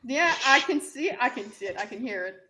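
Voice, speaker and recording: A woman's voice: on the high side, expressive, a little fast, bright, forceful tone, low-quality recording. A woman hosting a casual group discussion stream, chatty and giggly, reading out chat messages. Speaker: stream host.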